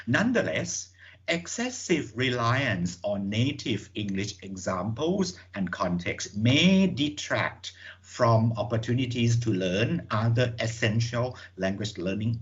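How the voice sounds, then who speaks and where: Low-voiced man lecturing with many fillers. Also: muffled recording. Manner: measured, many fillers and repeated words. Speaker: webinar speaker on English teaching. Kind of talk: lecture reading from slides. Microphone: computer mic on a video call.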